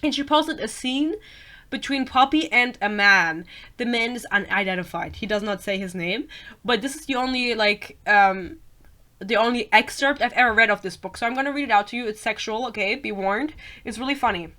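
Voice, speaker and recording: A young woman hosting a book podcast, ranting casually with swearing and laughter, a little sick and slightly hoarse. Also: a little high, normal speed, bright, forceful tone. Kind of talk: casual rant. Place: Germany.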